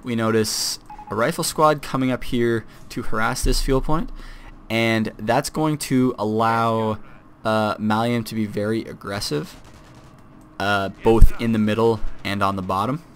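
A man's voice: fairly low pitch, a little slow, slight background noise. A young man giving casual, self-deprecating commentary on a strategy game replay, with fillers and restarts.

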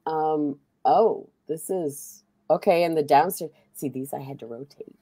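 Low-voiced, chatty woman streamer. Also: measured pace, warm tone, husky, dry recording. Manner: chatty, rambling storytelling with fillers. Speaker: streamer host. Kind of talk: casual chat while playing a game.

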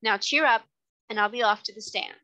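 A woman's voice: a little high, moderate pace, bright, forceful tone, rough recording. A woman reading the part of an earnest, devout middle-aged cabman in her own light voice, in a plain, respectful tone. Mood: warm.

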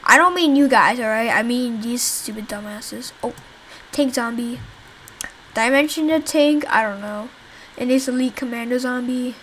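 A woman's voice: fairly high pitch, normal speed, a bit bright, a little hiss or hum, rough recording. A young woman casually commenting while she plays a zombie game she made herself, rambling and swearing at the enemies. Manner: rambling, swears, talks to viewers while playing. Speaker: game developer playing her own game.

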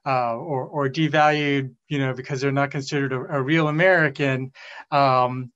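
A man speaking as a panelist, measured and thoughtful. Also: medium pitch, steady tone, fairly bright tone, highs cut off. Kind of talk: panel discussion.

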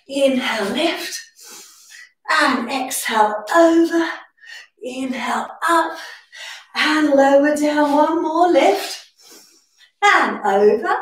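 A young woman instructor guides a brisk pilates class, cueing each inhale and exhale in a high, unhurried voice. She sounds slightly winded as she counts down reps. Her voice rings in a very echoey room, picked up from some distance. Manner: breath-cued, encouraging counting. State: slightly out of breath.

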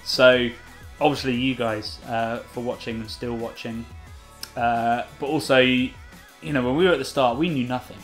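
A man in his thirties co-hosting a casual chat, talking quickly and enthusiastically. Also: medium pitch, fairly even intonation, fairly bright tone, faint music behind. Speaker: co-host of a beer channel.

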